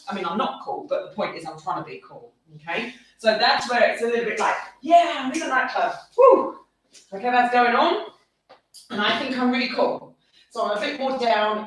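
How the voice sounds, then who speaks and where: A woman's voice: on the high side, fairly bright tone. A woman from the UK teaching a live online dance class, chatty and upbeat, counting steps aloud. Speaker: dance instructor. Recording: echoey room, voice from far off.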